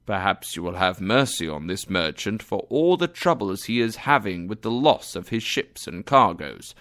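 A man voicing a grave duke in a read-aloud story, measured and formal. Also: lowish voice, very animated, fairly bright tone. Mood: pleading.

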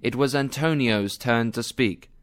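A man narrating a story in a slow, clear, deliberate reading style. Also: mid-range voice, no room sound, clean studio sound.

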